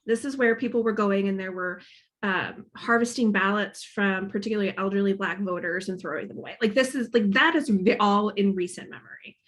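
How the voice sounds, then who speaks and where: Brisk and fairly bright, this medium-pitched voice comes from a Northern Kentucky woman in her thirties, Midwestern in accent with a slight Boston lean. Appearing as a guest author at a library event, she speaks conversationally and reflectively, thinking things through aloud.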